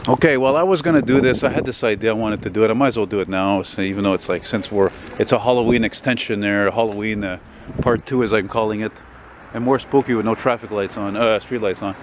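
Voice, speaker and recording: A man, walking a city street at night and chatting into his camera in a rambling, profane, easily excited way. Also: lowish voice, fast. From Quebec, Canada. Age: 40s. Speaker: vlogger. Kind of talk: casual walking vlog. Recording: street traffic noise outdoors.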